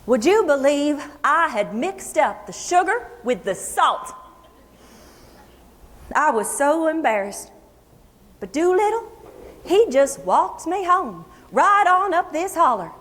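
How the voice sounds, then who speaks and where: With big pitch swings and heavy acting, an actress voices a plainspoken Kentucky hill-country singer who enjoys telling stories, speaking in the first person as a historical figure. Her high, fairly bright female voice has an Appalachian accent, and she reminisces in a folksy, chatty, unhurried way. She performs for an audience in a luncheon hall that echoes with long reverb.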